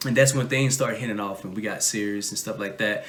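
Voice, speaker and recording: A Southern American man in his thirties, co-hosting a podcast and telling a story casually with lively, acted-out quotes. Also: brisk. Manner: animated, acts out quotes in a much higher voice. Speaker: podcast co-host.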